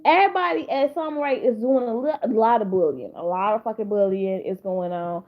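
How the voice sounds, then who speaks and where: High-voiced profane woman vlogger. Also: fairly quick, lo-fi sound. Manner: profane, rambling, with lots of repeated restarts. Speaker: commentary vlogger. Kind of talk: casual drama commentary.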